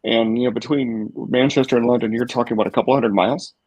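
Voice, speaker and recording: A man's voice: medium pitch, fairly even intonation, quick pace, a little mellow, slightly rough, no echo, muffled recording. A man from St. Louis co-hosting a podcast, talking easygoing and full of fillers. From St. Louis, Missouri. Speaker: podcast co-host. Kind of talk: casual podcast chat.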